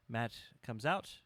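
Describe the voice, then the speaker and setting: A man in casual chat with a bright, forceful voice, animated and profane as he riffs. He is close and dry on the mic, with no room around him. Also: mid-range voice, gravelly, breathy edge, no room sound. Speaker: podcast co-host.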